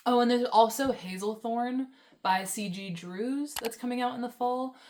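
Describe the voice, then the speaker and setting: A woman's voice: on the high side, moderate pace, darkish tone, a little hiss or hum. A young woman vlogging about books in a casual, rambling, enthusiastic way, with many fillers and laughs. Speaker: book vlogger. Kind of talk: casual chat.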